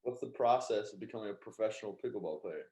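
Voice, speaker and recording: A man co-hosting a podcast, asking quick questions in casual chat. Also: on the low side, animated, darkish tone, low-quality recording.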